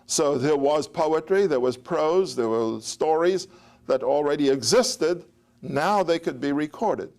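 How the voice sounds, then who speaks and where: Guy lecturing on ancient history, kinda high gravelly voice, rambles into stories. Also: lively intonation, measured pace, darkish tone. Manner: digressive, anecdotal, with chuckles and restarts. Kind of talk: academic lecture.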